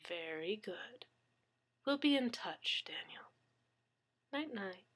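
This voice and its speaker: Villain in whispered role-play: woman doing a cold, hissing male thug, slow and quiet. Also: mid-range voice, fairly even intonation. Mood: cold menace. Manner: cold, threatening, hissed. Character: menacing male thug with a gun.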